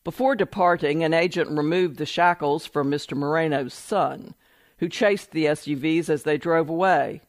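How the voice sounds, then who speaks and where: Man reading a news story, slightly high voice, dry close sound, steady and measured. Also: no room sound. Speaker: article reader. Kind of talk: reading a news report aloud.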